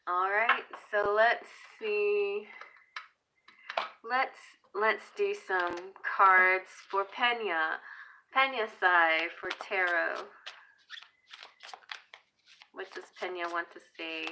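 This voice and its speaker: A woman's voice: medium pitch, background noise. A woman hosting a live-stream tarot reading, chatty and playful with frequent giggles. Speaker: tarot reader.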